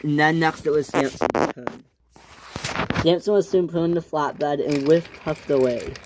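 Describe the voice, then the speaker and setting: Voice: medium pitch, a little slow, background noise. The maker of a home-made toy train series narrating the story loosely, with restarts.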